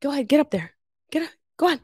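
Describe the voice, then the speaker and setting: A podcast host in her thirties talks very fast in a high voice, stuffy-nosed from a cold, during a casual solo episode. Recording at her mother's house on a travel mic with no pop filter, she jokes, swears, and laughs her way through animated stories. The audio is dry and of studio quality.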